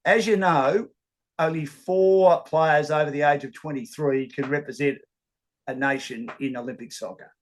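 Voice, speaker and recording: Animated Australian sports broadcaster. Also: male voice, a little high, moderate pace. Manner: animated storyteller, casual filler words. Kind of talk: storytelling interview.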